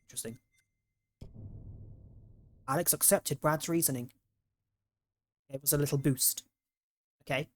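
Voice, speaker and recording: A man's voice: on the high side, fairly even intonation, unhurried, pauses often. A man streaming a horror game, commenting casually and laughing often. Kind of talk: let's play commentary.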